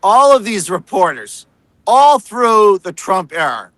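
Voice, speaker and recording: A man's voice: high-pitched, big pitch swings, takes it slowly, a bit bright, dry recording, low-quality recording. An American man, a reporter, talking casually and sarcastically, mocking other people's tones. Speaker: political reporter. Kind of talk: casual political talk.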